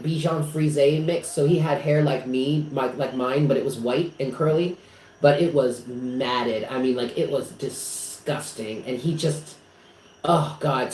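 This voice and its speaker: A man's voice: medium pitch, darkish tone. Rambling man in an echoey room. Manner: rambling, emotional storytelling with many fillers. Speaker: psychic reader hosting a live stream. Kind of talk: casual live-stream chat. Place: apartment. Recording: echoey room with faint noise.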